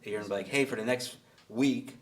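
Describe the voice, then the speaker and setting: A man hosting a real estate investor meetup, coaching a newcomer in fast, blunt talk with plenty of restarts, his voice picked up from off the mic. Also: medium pitch, recorded from a distance. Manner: fast, blunt, repeats himself, jokes with the group. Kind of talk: live coaching Q&A in a meeting room.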